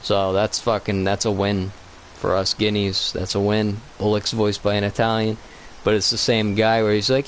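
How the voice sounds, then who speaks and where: A man's voice: fairly low pitch, completely flat delivery, moderate pace, slight background noise, poor audio. A man co-hosting a gaming channel, talking in a loose, rambling, profane way about a cartoon movie. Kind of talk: casual gaming commentary.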